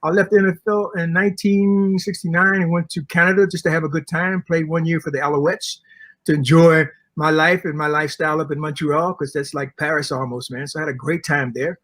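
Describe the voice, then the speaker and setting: An older man with a slightly husky, higher-pitched voice tells stories with relish, acting out the people he quotes. He sounds like an interview guest at a convention. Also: brisk. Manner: animated storyteller acting out quotes. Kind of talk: storytelling interview. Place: comic convention.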